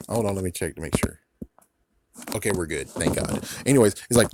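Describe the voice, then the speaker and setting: A man's voice: low voice, brisk, pauses often, a little mellow, a little hiss or hum. Sweary, sarcastic man ranting. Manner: profane, sarcastic, incredulous; rambling, repeats "it's like". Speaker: TV series reviewer. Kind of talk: rambling casual review.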